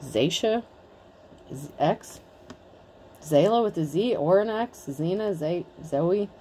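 A woman's voice: fairly low pitch, lively intonation, slow, dark tone, slight background noise. A woman in her thirties giving a casual tarot reading in a blunt, chatty way, swearing freely. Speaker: tarot reader.

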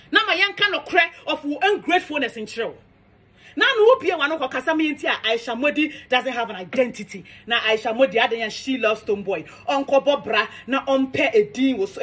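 A woman's voice: high voice, fairly bright tone. A young Ghanaian woman delivering a heated, defiant, scolding monologue rant. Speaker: social media commentator.

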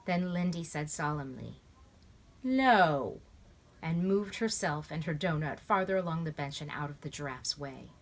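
A woman reading a children's novel aloud at home, in a lively, expressive way. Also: low-pitched, moderate pace, hardly any pauses. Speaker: storybook reader. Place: at home in bed.

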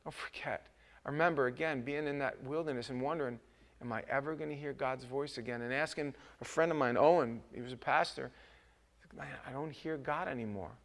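A man's medium-pitched, steady voice moves fairly quickly as he gives a loose, joking sermon in a church sanctuary. He is the pastor, talking conversationally and often restarting what he says.

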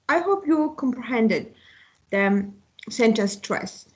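A woman with an Azerbaijani accent, an English teacher slowly explaining a recorded lesson, with an occasional slip. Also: fairly high pitch, animated, husky, dull audio. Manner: slow, deliberate explaining with occasional slips.

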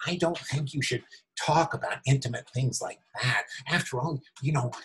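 A man's voice: mid-range voice, normal speed, low-quality recording. A man giving a rambling, incredulous commentary as a meditation teacher. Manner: animated, incredulous, rambling asides. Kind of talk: reading and commentary on a spiritual talk.

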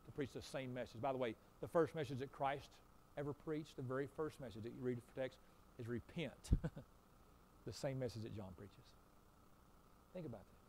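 A man preaching a sermon as pastor, swinging between loud emphatic repeated lines and quiet low asides. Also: fairly quick, a little hiss or hum.

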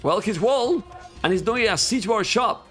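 A man with a Spanish accent, a native Spanish speaker, casting a strategy game live, excitable and talking straight to viewers. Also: high-pitched, measured pace, soft background music. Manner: excitable, talks to viewers as guys, bursts into yelling at players. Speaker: esports caster.

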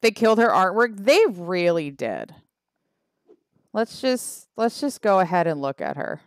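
A woman from Canada chats on a game livestream, unhurried and wry, drifting through fillers as she reads the chat. Her voice is smooth and clean, recorded close and dry with no room around it. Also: medium pitch, big pitch swings, no echo. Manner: chatty, wry, trails off with fillers. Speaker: game streamer. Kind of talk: casual livestream chat reading the chat.

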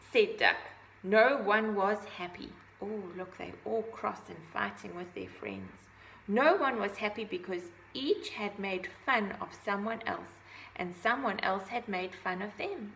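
A woman reading a children's picture book aloud, gently adding her own asides about the pictures. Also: mid-range voice, sing-song, takes it slowly, gravelly, a little hiss or hum, low-quality recording. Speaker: storybook reader.

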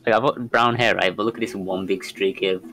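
A man's voice: on the low side, steady tone, a little fast, pushed and bright, soft background music. A man bantering with friends during a gaming session, making crude jokes. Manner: joking, crude humour. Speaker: friend on the call. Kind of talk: casual banter while gaming.

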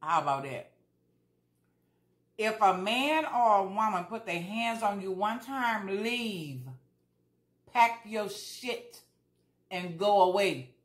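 A woman's voice: mid-range voice, animated, slow, reverberant. A woman vlogger talking casually while she eats, chatty and repeating herself for emphasis. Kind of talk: casual mukbang chat.

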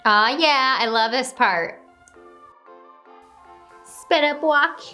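A bubbly woman with a high voice gushes through a casual reaction commentary. She talks over faint background music, gasping and laughing as she goes. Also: extremely slow, bright, forceful tone. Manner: gushing and bubbly, with gasps and laughs. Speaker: host reacting to her own wedding video.

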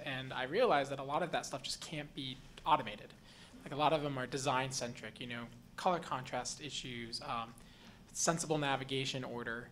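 A man speaking up from a conference audience at a middle pitch, earnest and thinking out loud as he makes his point. A faint hiss of background noise sits under his voice. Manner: earnest, thinking aloud with fillers. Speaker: audience member. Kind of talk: comment from the floor at a conference.

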